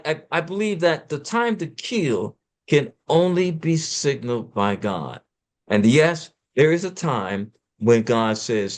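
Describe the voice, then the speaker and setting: A man speaking as an interview guest, explaining scripture in a preacherly, emphatic way and talking fast at times. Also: on the low side. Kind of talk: conversational scripture discussion.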